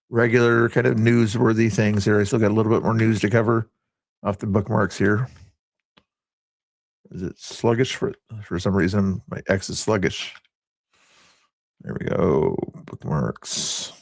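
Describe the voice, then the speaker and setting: A man's voice: lowish voice, vocal fry, a little mellow, dry recording. Rambling man hosting a late-night stream. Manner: rambling, chatty, reads chat aloud. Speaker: livestream host. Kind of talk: casual livestream chat.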